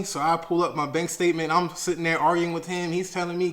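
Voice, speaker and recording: A young man from Maryland tells his own story in loose, slangy speech. He acts out his past arguments, jumping up in pitch and loudness when he gets worked up. At the heavy parts he drops low and quiet. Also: level tone, fast, few pauses. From Maryland, USA. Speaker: storyteller sharing a personal finance story. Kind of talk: casual storytelling.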